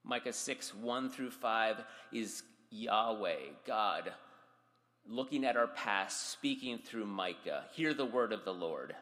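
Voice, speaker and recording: Man preaching in a bright, echoing hall. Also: fairly low pitch, animated, takes it slowly. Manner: dramatic, voices scripture with raised intensity. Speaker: pastor. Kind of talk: sermon.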